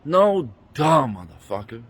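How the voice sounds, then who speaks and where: A man's voice: fairly high pitch, big pitch swings, measured pace, breathy edge, dry recording. A man angrily retelling a bad experience in a profane, indignant rant, talking into a handheld phone he keeps switching between hands. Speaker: vlogger. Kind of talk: angry storytime rant.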